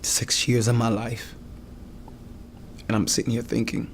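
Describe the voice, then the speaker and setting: A young man earnestly recounting a hard experience in his own words, halting and restarting as he goes. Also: mid-range voice, completely flat delivery, a little hiss or hum. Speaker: client giving a testimonial. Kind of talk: emotional personal testimonial.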